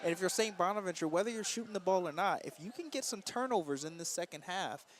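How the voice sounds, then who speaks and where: A man giving color commentary on a live basketball radio broadcast, animated and chatty, often tossing in a "right?". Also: sits high, fast talker, a crowd in the background.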